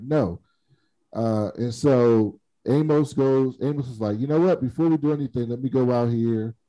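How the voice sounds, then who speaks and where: A podcast co-host recaps a TV episode in casual chat, animatedly retelling it and acting out the characters' lines. His mid-range voice is mellow, and the audio is poor but has no echo.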